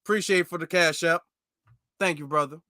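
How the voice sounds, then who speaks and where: Man, high bright voice, dry close sound, emphatic commentary host. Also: normal speed, dry recording. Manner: animated, emphatic, repeats points. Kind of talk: casual reaction commentary.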